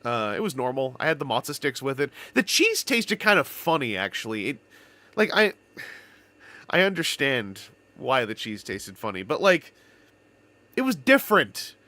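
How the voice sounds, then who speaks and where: A man's voice: mid-range voice, sing-song, normal speed, bright, forceful tone. A man from Canada chatting casually on a live stream, telling rambling stories with playful wordplay.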